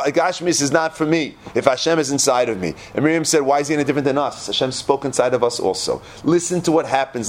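A man giving a Torah class, quoting Hebrew verses and translating them, dropping to a low hush at dramatic moments. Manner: expressive, quotes Hebrew verses then translates. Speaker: Torah teacher.

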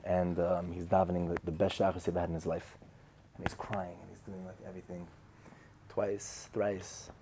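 A man with a deep, mellow voice tells a Torah parable at normal speed, his pitch barely moving, with a little hiss or hum in the recording. It's a casual storytelling sermon: he talks conversationally, repeats his phrases, and acts out the quoted voices.

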